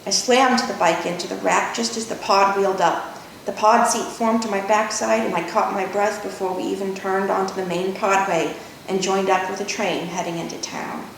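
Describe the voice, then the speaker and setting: A woman author reading her novel aloud in measured first-person narration. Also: fairly even intonation, gravelly, far from the mic. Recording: echoey room, faint rumble.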